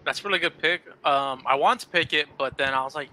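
A man's voice: fairly high pitch, fast, sharp tone, low-quality recording. A man co-hosting a casual podcast, talking earnestly and easily about favorite movie scenes, with frequent fillers. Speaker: podcast co-host. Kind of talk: casual podcast chat about superhero films.

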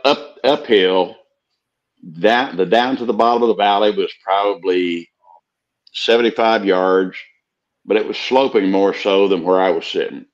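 Older man, very deep voice, guest, slow halting storyteller, dull lo-fi audio. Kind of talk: casual storytelling.

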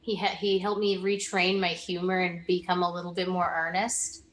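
Earnest young woman, lower voice, echoey room. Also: little pitch movement, normal speed, a little hiss or hum. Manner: earnest, rambling with restarts. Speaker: interviewee, former student. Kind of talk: casual conversational interview.

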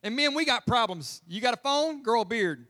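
A man's voice: very high-pitched, lively intonation, moderate pace, pushed and bright. A man preaching a humorous, conversational sermon as pastor in a church. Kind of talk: lively sermon. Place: church sanctuary.

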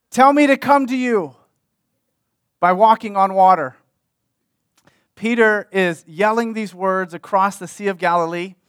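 A man's voice: high voice, a bit bright, dry recording, clean studio sound. A man preaching a sermon in a conversational way, repeating key phrases for emphasis. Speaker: pastor.

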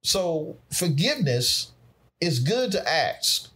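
A man's voice: on the high side, big pitch swings, takes it slowly, bright, forceful tone, slightly rough. A man, teaching on scripture in an emphatic, preacherly conversational way. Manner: preacherly, emphatic, dialect speech, laughs along.

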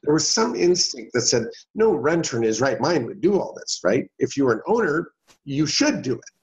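A man's voice: medium pitch, very animated, moderate pace. A middle-aged man with a mid-range voice tells a long personal story at an easy, folksy pace, briefly putting on the voices of others as he recounts the exchange. The recording sounds somewhat dull and lo-fi. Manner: folksy anecdotal storytelling, voicing other people. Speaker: guest. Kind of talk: storytelling interview.

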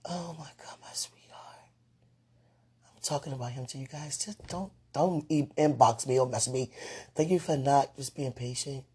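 Woman, very husky breathy voice, casual faith chat to viewers, sleepy, drifts into whispers. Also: a bass voice, normal speed. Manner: sleepy, yawning, animated bursts. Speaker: online talk host.

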